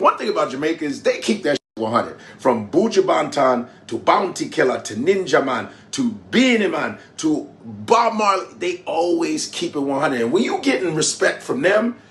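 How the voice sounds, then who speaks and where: A Nigerian male comedian tells a lively travel story in animated stand-up style, at a moderate pace with hardly any pauses. He's boisterous and tends to leap high in pitch for emphasis.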